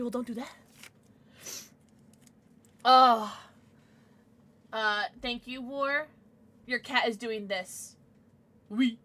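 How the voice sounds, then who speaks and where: A woman's voice: medium pitch, fairly bright tone. A young woman livestreaming, chatting casually with her viewers, giddy and emotional, often squealing and laughing.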